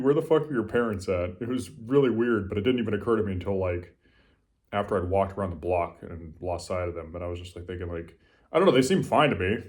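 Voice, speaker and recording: A slightly drunk man with an American accent, rambling in a quiet late-night monologue, casual and profane. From Los Angeles. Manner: talks low and quiet. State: a little drunk. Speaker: vlogger.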